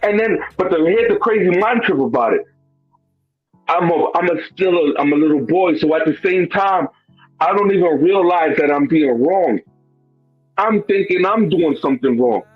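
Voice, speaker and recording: A guest from Brooklyn tells a personal story, his slightly high voice animated and husky at a normal speed, his language casual, profane and streetwise, full of "bro" and "you know what I'm saying." It's a dry, lo-fi recording with faint background music.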